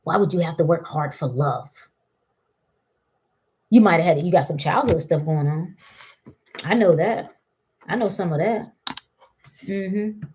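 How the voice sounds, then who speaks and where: A woman's voice: lowish voice, a little slow, pauses often, husky. Woman doing a casual spiritual pep talk, teasing, laughs a lot, keeps asking who told you that. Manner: animated, teasing, laughs often, rhetorical questions.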